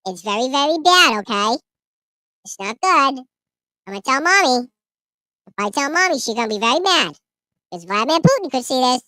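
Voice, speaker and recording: A man putting on the slow, simple, sing-song talk of a small child who scolds the grown-ups. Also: very high voice, very animated, bright, forceful tone, dry recording, pitched above the performer's own voice, exaggerated voice. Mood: mock-earnest. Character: whiny baby-talking small child scolding adults.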